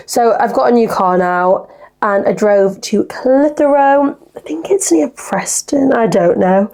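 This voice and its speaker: A woman's voice: fairly high pitch, moderate pace, gravelly, warm tone. A young woman in her twenties hosting a casual solo podcast, rambling through stories and acting out the conversations in them. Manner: chatty, rambling storyteller, acts out conversations. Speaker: podcast host.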